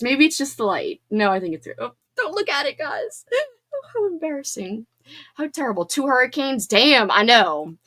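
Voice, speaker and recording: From home, a woman hosts a casual livestream, her high, slightly bright voice swinging widely in pitch. She's bubbly and chatty, reading viewer comments aloud with quick laughs and squeals.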